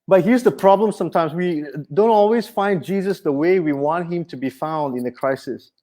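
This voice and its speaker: High-voiced pastor. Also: male voice, moderate pace. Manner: animated, conversational preaching with humor. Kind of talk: sermon.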